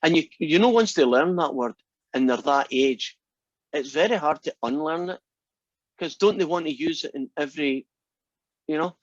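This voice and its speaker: A man's voice: fairly high pitch, moderate pace, pauses often, no echo. A man, a math instructor, telling a long rambling anecdote to his class. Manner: rambling, animated storyteller. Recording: dull, dry lo-fi classroom recording.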